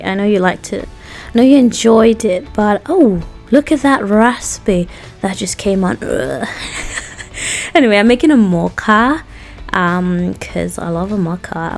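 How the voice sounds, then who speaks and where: In a home vlog, a twenty-something woman talks directly to the camera, chatting casually with her viewers and laughing frequently. Her voice is fairly low and gravelly.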